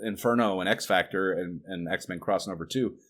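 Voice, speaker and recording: Rambling, swearing podcast host. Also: male voice, sits low, fairly quick. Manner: rambling, swears often, animated outbursts of disbelief. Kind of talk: casual chat.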